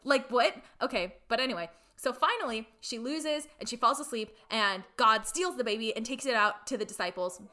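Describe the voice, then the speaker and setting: Chatty woman w a bright crisp voice, says like a lot, cheeky little asides. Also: on the high side, expressive, normal speed, hardly any pauses. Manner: chatty, full of "like" fillers; playfully irreverent asides. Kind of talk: casual chat retelling a film plot.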